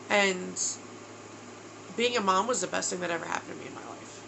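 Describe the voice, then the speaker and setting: This New York vlogger in her thirties sounds worn out and tearful as she talks openly and emotionally through her video diary, dropping the word "bro." She speaks a little fast in a lowish, creaky voice, leaving long pauses, and the background is noisy.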